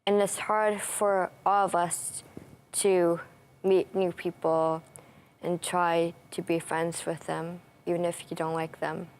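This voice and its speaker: A woman's voice: on the low side, level tone, takes it slowly, slight background noise. A young woman athlete answering interview questions in short, plain sentences. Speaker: athlete guest.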